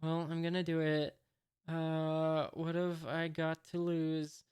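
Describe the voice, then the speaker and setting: A reader voicing a timid young cabin boy, reading in a hesitant, flat way. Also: medium pitch, slow pace, clean tone, natural voice. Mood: earnest.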